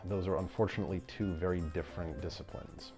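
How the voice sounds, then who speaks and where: Low-voiced man rambling through stories. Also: steady tone, quick pace, music in the background. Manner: rambling, self-deprecating storytelling with frequent fillers. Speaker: streamer playing a speedrun. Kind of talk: casual chat during a livestream.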